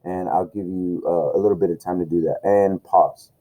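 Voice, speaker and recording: A man's voice: low-pitched, steady tone, normal speed, mellow, rough recording. A man teaching an online music lesson, loose and encouraging, talking with plenty of fillers. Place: home room with camera and tablet.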